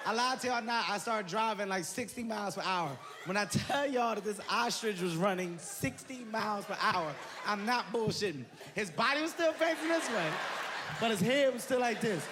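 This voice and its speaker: A man doing stand-up comedy, telling an animated story and acting out voices, laughing as he goes. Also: high-pitched, normal speed. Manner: excitable, animated, breaks into laughter, acts out voices. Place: large venue with live audience. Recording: live show with loud crowd noise.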